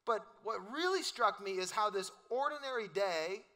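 High bright-voiced pastor. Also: male voice, lively intonation, moderate pace. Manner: casual, joking, storytelling with quoted voices. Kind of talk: sermon.

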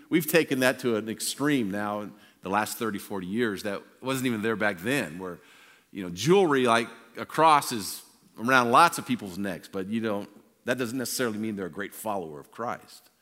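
A man in his sixties, a pastor telling stories in a sermon and swinging from loud to hushed. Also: on the low side, brisk. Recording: long reverb of a large hall.

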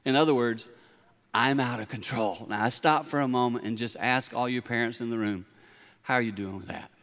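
Bright-voiced pastor preaching. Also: male voice, medium pitch, fairly quick. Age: middle-aged. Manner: storytelling, swings from quiet to emphatic. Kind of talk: sermon. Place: large church hall. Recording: long hall reverb.

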